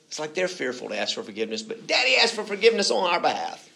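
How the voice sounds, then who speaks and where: A man delivers a sermon in a relaxed, conversational way. He often slips into little acted-out voices and moves between hushed and loud passages. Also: on the high side, fast talker, vocal fry, hardly any pauses. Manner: conversational, acts out quoted voices, swings from soft to loud. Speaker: pastor.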